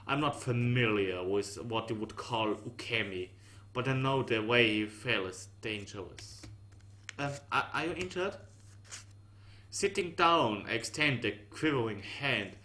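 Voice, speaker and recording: A man reading a visual novel aloud in slow, measured narration with dry asides. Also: on the low side, bright, forceful tone. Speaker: game reader.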